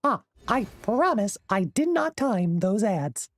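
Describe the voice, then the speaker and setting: A man streaming a card game while putting on a squeaky, high cartoon mouse voice and swearing in character. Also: very animated, slow, full character voice. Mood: squeaky playful. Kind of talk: live game stream chat.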